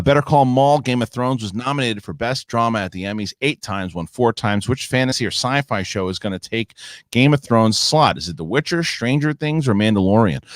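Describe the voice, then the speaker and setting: A man hosting a live stream in a casual voice, reading out viewer comments and thanking donors. His voice sits at a middling pitch. It sounds dry and close to the mic. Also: dry recording. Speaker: host.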